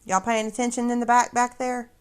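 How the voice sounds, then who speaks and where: A woman's voice: on the high side, little pitch movement, fairly quick, clear, resonant tone. A woman hosting a casual livestream, talking straight to her viewers in a sarcastic, mocking way. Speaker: livestream host.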